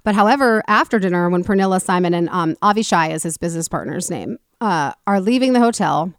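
A woman's voice: on the low side, fast talker, no room sound. Chatty woman retelling a story, dry sound. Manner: animated retelling, acts out quoted people with swearing. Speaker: podcast host. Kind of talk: casual storytelling chat.

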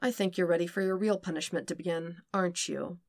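A woman voicing a soft-spoken, coaxing young man. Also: steady tone, fairly quick, no echo, studio quality, lightly acted. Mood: teasing. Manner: soft, low, coaxing murmur. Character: dominant young man, teasing and tender. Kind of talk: podfic reading.

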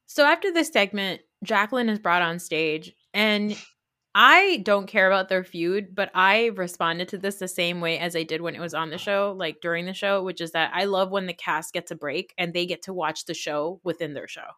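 A woman co-hosting a podcast, chatting casually about reality TV, emotional and quick to laugh. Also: fairly low pitch, bright, forceful tone. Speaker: podcast co-host.

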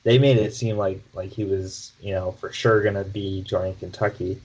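A man with a fairly low voice talks through a sports update on a podcast. He speaks casually, with plenty of fillers and false starts as he thinks aloud. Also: steady tone, moderate pace, darkish tone, breathy edge, poor audio. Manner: conversational, frequent fillers and restarts. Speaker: podcast co-host.

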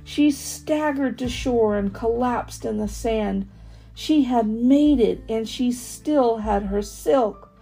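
A woman reading a children's storybook aloud, expressive with dramatic pauses. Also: a little high, gravelly.

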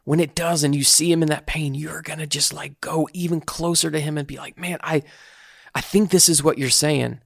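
A man co-hosting a casual podcast, giving earnest, reflective faith advice at a slow, searching pace. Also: fairly high pitch, fairly even intonation, vocal fry, no room sound, clean studio sound. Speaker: podcast co-host.

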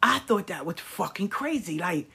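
Husky-voiced woman, blunt and profane. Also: lowish voice, lively intonation, moderate pace, bright, forceful tone. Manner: mimics people in quoted asides. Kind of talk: candid storytelling monologue.

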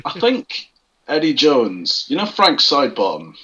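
A man's voice: mid-range voice, wildly swooping pitch, measured pace, sharp tone, breathy edge. A man as a podcast guest, rambling wryly and searching for words as he talks. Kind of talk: casual chat. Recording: lo-fi with faint noise.

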